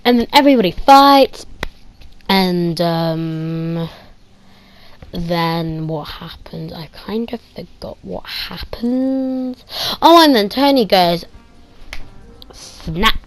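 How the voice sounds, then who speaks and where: Woman, lowish voice, casual movie review, excitable, pew-pew sound effects, rambling asides. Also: takes it slowly, pauses often, soft background music. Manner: rambling, trails off into quiet asides.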